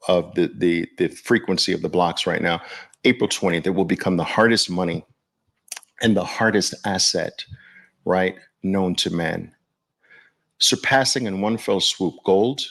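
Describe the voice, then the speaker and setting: A man's voice: sits low, a bit bright. A man hosting a podcast in casual livestream talk, chatting loosely and speaking straight to his viewers. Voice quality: gravelly. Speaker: podcast host.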